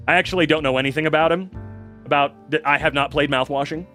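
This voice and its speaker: A young adult man chatting on a livestream, reacting to chat, excitable, swearing and laughing often. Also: fairly high pitch, fast talker, faint music behind.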